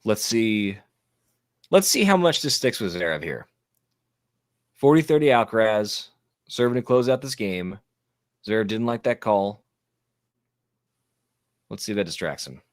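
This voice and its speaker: A very low-pitched man chatting through a live tennis match, joking and riffing with his co-host. His voice sounds dry and close to the mic, with no room around it. He talks like a relaxed, playful commentator. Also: no room sound. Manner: playful, jokey, quick to riff. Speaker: watchalong co-host. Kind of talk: casual live commentary chat.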